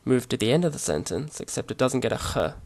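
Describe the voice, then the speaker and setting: A man explaining grammar over his slides in a relaxed, hesitant way, with many fillers and restarts. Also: mid-range voice, quick pace, gravelly. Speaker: language teacher. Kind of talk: casual slide-based language lesson.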